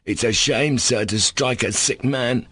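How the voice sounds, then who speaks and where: A man voicing a sickly, insolent male servant who speaks slowly and sarcastically with controlled defiance. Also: mid-range voice, a bit bright, breathy edge, no room sound. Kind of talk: audiobook character reading.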